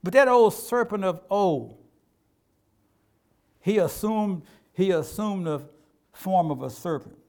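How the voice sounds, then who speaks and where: A man's voice: sits high, lively intonation, slow, pauses often, a little mellow. An older man preaching a sermon as pastor, in a folksy, emphatic and colloquial way.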